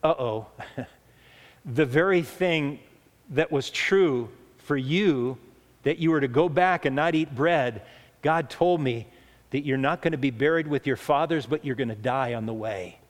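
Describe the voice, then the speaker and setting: A man's voice: mid-range voice, a little slow, natural voice. A man preaching a sermon, voicing a deceitful old male prophet in a coaxing tone, in a hall with long echo. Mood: grave. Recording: echoey hall reverb.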